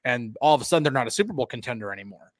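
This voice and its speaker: A man's voice: mid-range voice, lively intonation, rapid-fire, no echo, clean studio sound. A man co-hosting a sports podcast, talking analytically and casually, with frequent restarts. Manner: conversational, analytical, many restarts. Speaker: podcast co-host.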